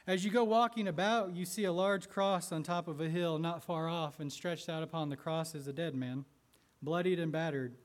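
High-voiced preacher telling a vivid story. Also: male voice. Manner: vivid, theatrical narration. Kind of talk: sermon with dramatic storytelling. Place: church sanctuary.

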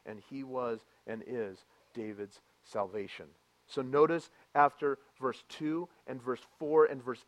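A pastor delivers a sermon in a mid-range voice, reading scripture aloud with emphasis. He moves from quiet reflection into loud, impassioned preaching.

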